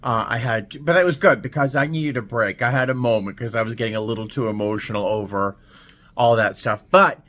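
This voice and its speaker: A man's voice: medium pitch, a little fast, fairly bright tone, no echo. A man, a flight attendant, telling a story in a casual vlog. He talks in an emotional, dramatic way, with sudden emphatic swings.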